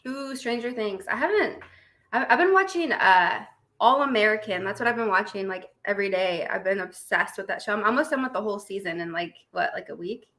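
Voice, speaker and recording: Bright, giggly young woman chatting live. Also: medium pitch, lively intonation, a little fast. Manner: chatty and giggly, greets viewers by name. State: recovering from surgery. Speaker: host of a live stream. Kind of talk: casual live-stream chat, reading viewer comments.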